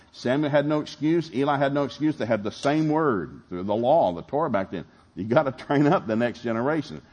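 A man's voice: mid-range voice, a little mellow, slightly rough. A middle-aged male pastor preaching a sermon in a folksy storytelling manner, acting out Bible dialogue. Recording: dull lo-fi sound.

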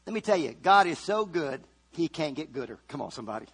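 High-voiced fervent male preacher. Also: very animated, fast, husky. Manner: fervent, swings from loud calls to quiet asides. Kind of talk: sermon.

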